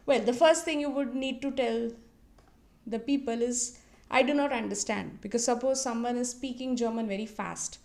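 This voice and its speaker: A woman teaching as a language tutor, explaining phrases patiently and repeating each one slowly for the listener to copy. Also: on the high side, gravelly. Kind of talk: instructional explanation with slow repetition drills.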